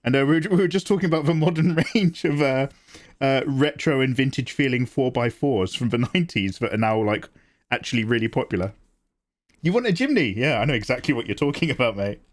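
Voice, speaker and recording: A middle-aged British man hosting a livestream, chatting casually with viewers and answering them with quick jokes and asides. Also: medium pitch. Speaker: livestream host. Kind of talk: casual chat with viewers while drawing.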